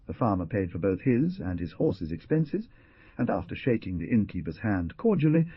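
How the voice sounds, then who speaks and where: A man narrating an audiobook in measured, scripted storytelling. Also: on the low side, very animated, husky. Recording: dull lo-fi dry recording.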